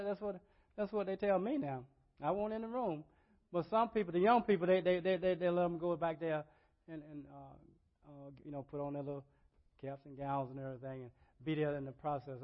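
An older male pastor delivers a sermon in a high voice, dropping to quiet asides and then rising to loud, impassioned crying out. He repeats words and phrases in a rolling preacher's cadence. The recording is dull and lo-fi. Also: moderate pace, pauses often.

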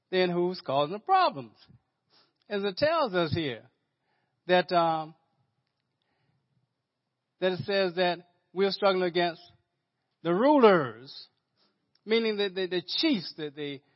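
Man, pastor, sermon, high voice, stumbling restarts, muffled lo-fi recording. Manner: conversational preaching, frequent repeated words and restarts. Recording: dull lo-fi sermon audio.

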